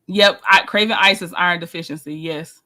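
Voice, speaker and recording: A woman hosting a casual live stream, chatting with viewers and answering their comments, animated and quick to laugh. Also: fairly low pitch. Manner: chatty and animated, laughs often, restarts sentences.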